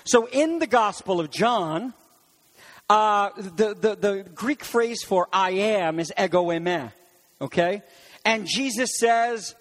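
High-pitched preacher in an echoing hall. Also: male voice, slow pace. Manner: animated, shouting on key words, asides to the room. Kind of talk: sermon. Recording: long hall reverb.

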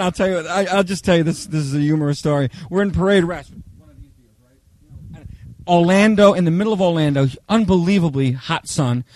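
A man preaching a Bible study, telling humorous personal stories in a chatty, animated way, often checking in with "okay?". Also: fairly high pitch, no room sound. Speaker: pastor teaching a Bible study.

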